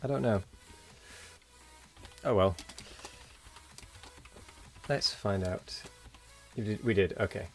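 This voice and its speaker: A man speaking in a fairly low voice, chatting loosely on a late-night game stream. He sounds tired and wanders from thought to thought while thanking viewers. Faint music plays under his voice. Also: takes it slowly, creaky, pauses often. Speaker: streamer host. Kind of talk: casual live-stream chat.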